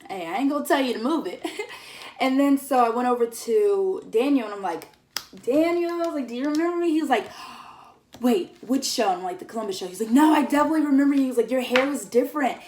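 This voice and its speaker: A woman's voice: sits high, lively intonation, quick pace, darkish tone, recorded from a distance, a little hiss or hum. A young woman tells a casual vlog story, chatty and giggly, with lots of fillers. She sits a bit back from the mic in an echoey room. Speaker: vlogger.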